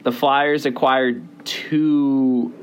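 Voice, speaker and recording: A young man hosting a casual sports podcast, rambling with many fillers and quick bursts of speech. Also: mid-range voice, little pitch movement, a little hiss or hum. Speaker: podcast host.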